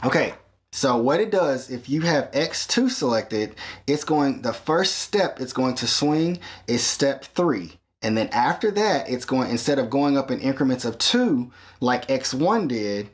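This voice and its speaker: A man's voice: medium pitch, lively intonation, a little slow. A man hosting a hands-on synthesizer tutorial, explaining patiently step by step and often checking in with "okay?".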